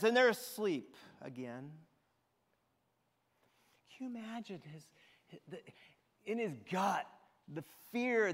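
Man preaching an expressive sermon. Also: high-pitched, long reverb tail. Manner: expressive storytelling, retelling scripture dramatically. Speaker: pastor. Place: church sanctuary.

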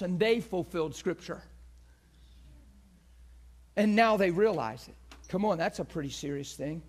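A man preaching a passionate sermon, swinging from loud, shouted peaks to hushed, near-whispered lines and acting out the crowd with gasps. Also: sits high. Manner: acts out quoted crowd voices with gasps.

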